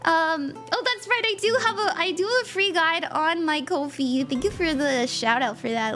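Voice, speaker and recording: A woman's voice: sits high, a bit bright. A young woman chatting casually with viewers on a live stream as a tarot reader, bubbly and giggly. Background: faint background music.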